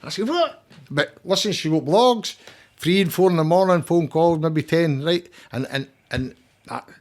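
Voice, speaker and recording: A man's voice: on the high side, animated, measured pace. An older Scottish man talking as a podcast guest, blunt and rambling, with frequent swearing. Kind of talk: casual conversation.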